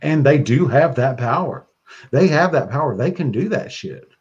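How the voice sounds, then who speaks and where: A man talking as a podcast guest, excitable and profane, laughing often. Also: mid-range voice, normal speed, husky, highs cut off. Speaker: guest practitioner. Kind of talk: casual podcast chat.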